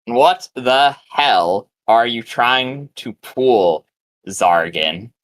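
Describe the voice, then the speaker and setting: Guy doing a gruff cranky woman on a magic stone, super slow and bossy, bright voice. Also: medium pitch, lively intonation. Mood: irritated. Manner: slow, drawn-out, scolding.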